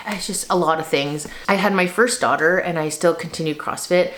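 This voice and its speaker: A woman's voice: on the low side, fairly quick, hardly any pauses. A woman in her thirties telling her personal story to camera in a casual, rambling way, full of fillers. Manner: chatty, rambling with many fillers, tearful at moments. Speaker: lifestyle vlogger.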